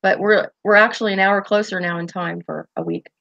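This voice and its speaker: A woman's voice: mid-range voice, steady tone, fairly quick, gravelly, fairly bright tone, dry recording, dull audio. Chatty woman host reading live chat. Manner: chatty and rambling, with frequent fillers and restarts. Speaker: host of a pipe-smoking chat stream. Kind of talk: casual livestream chat, reading viewer comments aloud.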